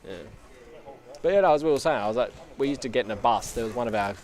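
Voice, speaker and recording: A man's voice: mid-range voice, lively intonation, quick pace, a little mellow. A man with an Australian accent giving casual, rambling live pool commentary. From Western Australia. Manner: chatty, rambling, jokey.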